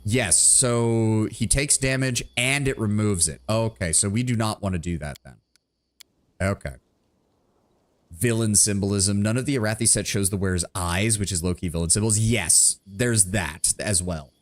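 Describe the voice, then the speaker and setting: A man streaming a game, chatting casually with viewers, excitable and profane. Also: lowish voice, moderate pace. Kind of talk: casual gameplay commentary.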